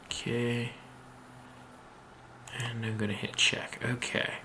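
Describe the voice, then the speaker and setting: A man giving a screen-recorded machining software tutorial, talking slowly and methodically and thinking aloud with frequent ums. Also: medium pitch, level tone, a little hiss or hum. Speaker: machining instructor.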